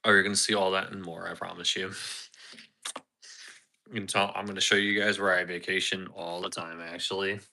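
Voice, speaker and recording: A man with a Philadelphia accent, in his thirties, talks to his live chat in a loose, rambling way, repeating himself and laughing often. His voice sits fairly low but has a bright, forceful edge. He is recorded on a phone outdoors in a parking lot. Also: flat delivery, a little fast, gravelly, long pauses. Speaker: livestream host. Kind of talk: casual livestream chat.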